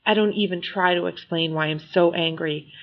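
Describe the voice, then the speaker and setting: A woman reading a novel aloud in first-person audiobook narration, measured and expressive. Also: lowish voice, lo-fi sound.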